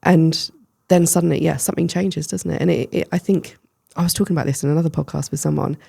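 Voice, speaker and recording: A woman's voice: low-pitched, fairly even intonation, quick pace, vocal fry, dark tone, husky. A woman hosting a podcast, affirming her guest and explaining with hesitant restarts. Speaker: podcast host. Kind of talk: casual podcast conversation.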